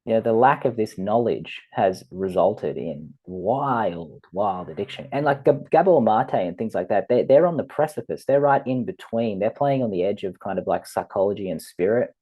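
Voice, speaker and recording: A man giving a rambling, animated spiritual teaching talk, often laughing and acting out quoted voices. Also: fairly low pitch, normal speed, few pauses, slightly rough, lo-fi sound.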